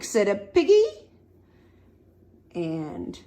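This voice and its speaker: A woman reading a picture book aloud to young children at storytime, animated, asking them questions and making the animal sounds. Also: high-pitched, takes it slowly. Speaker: storytime reader.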